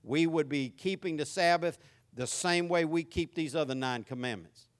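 A man's voice: fairly high pitch, moderate pace. A man with a Southern US accent preaching a sermon, folksy and emphatic. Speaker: pastor.

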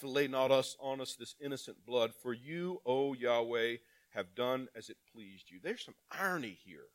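Male pastor, sermon, rhetorical questions, loud emphatic calls and hushed asides. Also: medium pitch, expressive, normal speed, few pauses. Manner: preaching with big swings between loud emphatic calls and quiet asides; reads scripture aloud and asks the congregation rhetorical questions.

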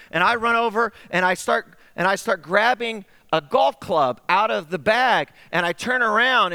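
A middle-aged man preaching a sermon, telling a story in an animated way and acting out the voices he quotes. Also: sits high, smooth. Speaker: pastor. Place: church sanctuary. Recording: echoey sanctuary with long reverb.

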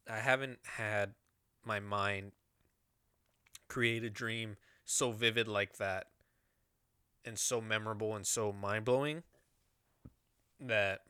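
Bright, crisp-voiced man telling a story. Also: lowish voice, dry recording, studio quality. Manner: swears often, rambling with many fillers. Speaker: guest telling a personal story. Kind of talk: casual storytelling.

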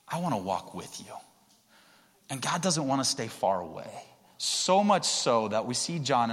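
Casual pastor preaching in an echoing hall. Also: male voice, mid-range voice. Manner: conversational storytelling, rising to excited emphasis. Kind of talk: sermon. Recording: long reverb of a large hall.

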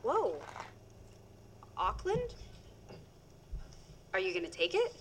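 A woman's voice: a little high, huge pitch swings, slow, a bit bright, heavily acted, poor audio. An actress playing a flustered, anxious young girlfriend in a sitcom. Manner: anxious, incredulous. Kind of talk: sitcom acting. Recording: TV clip with background noise.

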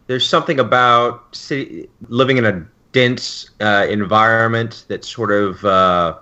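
Podcast host guy, fairly low voice but bright and forceful, kinda muffled lo-fi audio. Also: fairly even intonation, unhurried. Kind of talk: casual podcast interview. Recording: dull lo-fi sound.

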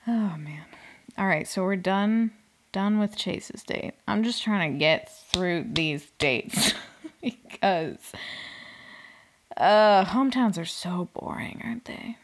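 A woman's voice: fairly high pitch, animated, a little slow. A young woman in casual chat, recapping a dating show in a chatty, sarcastic way, full of "like" and little laughs. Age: young adult.

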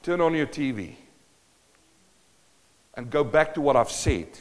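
A man preaching a sermon, emphatic, swinging between loud and quiet, reading scripture slowly and deliberately. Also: fairly high pitch, animated. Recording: long hall reverb.

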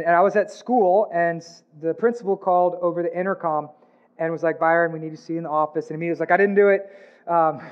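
Guy preaching a sermon, pretty high voice, earnest, goes soft on the heavy bits, kinda muffled recording. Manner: earnest preaching, rising on questions, dropping soft on somber lines. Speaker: pastor.

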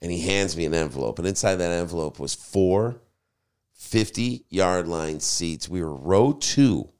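A man, a podcast host and DJ, telling a story in casual chat, animated and swearing freely. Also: sits low, unhurried, smooth.

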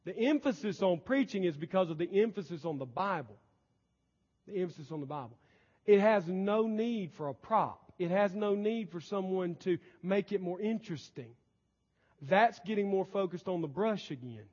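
A man preaching a sermon in a high voice, pressing his points hard and then dropping his volume low. The sound is dull and lo-fi, with a long reverb trailing through the church sanctuary. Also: animated, normal speed. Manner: emphatic preaching, swinging between loud and soft. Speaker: pastor.

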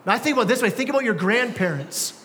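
This young pastor's voice is very high-pitched, expressive and a bit bright, and he rushes through his sermon very fast. His delivery is conversational, full of slang and repeated restarts, captured in a church sanctuary with long hall reverb.

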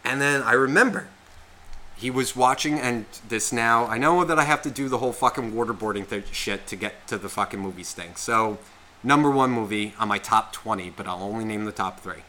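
A man in his thirties, a podcast co-host, telling a long rambling story in casual chat, swearing a lot and filling every pause with "like.". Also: on the low side, sharp tone. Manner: rambling, heavy profanity, constant "like" fillers.

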